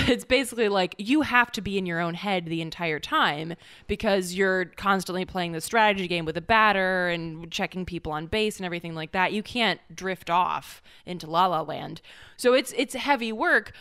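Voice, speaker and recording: A woman's voice: medium pitch, a bit bright, clear, resonant tone. Rambling, swearing woman podcaster. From North Carolina. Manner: rambling, profane, self-mocking. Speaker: podcast co-host. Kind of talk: casual chat.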